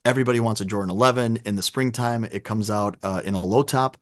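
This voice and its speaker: A man chatting as a podcast guest, telling animated stories and acting out both sides of conversations. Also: on the low side, fast talker, no echo, studio quality. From Chicago. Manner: animated storyteller, acts out dialogue. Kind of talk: casual podcast chat. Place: home room with sneaker collection.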